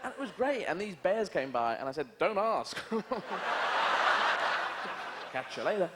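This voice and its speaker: A man's voice: high-pitched, sing-song, measured pace. Rambling stand-up man. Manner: rambling, absurd asides with frequent "you know". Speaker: stand-up comedian. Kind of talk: surreal stand-up routine. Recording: noisy old TV broadcast, live audience.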